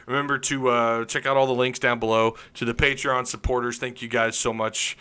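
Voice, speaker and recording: A man hosting a live sports podcast, ranting loudly with opinions and jokes, laughing often as he reads viewer comments. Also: mid-range voice, level tone, brisk, clear, resonant tone. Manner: loud, opinionated, joking rants with frequent laughs. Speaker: podcast host. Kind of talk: live-stream sports chat reading comments.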